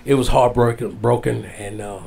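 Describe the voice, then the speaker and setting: An older man sits as an interview guest and tells a heartfelt story. He rambles and repeats his phrases in a plain, mid-pitched voice. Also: steady tone, moderate pace, creaky, a little mellow, breathy edge. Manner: rambling, repeats phrases, Southern-style casual grammar. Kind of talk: emotional storytelling.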